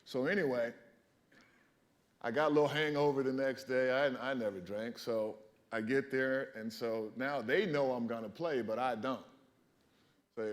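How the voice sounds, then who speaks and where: A man in his fifties stands before a library audience and tells stories from his playing days. He talks in an animated way, laughs often and acts out his own reactions. His pitch sits in the middle range for a man. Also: measured pace, pauses often. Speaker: former baseball player telling stories. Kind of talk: storytelling talk at a library event. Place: public library event hall.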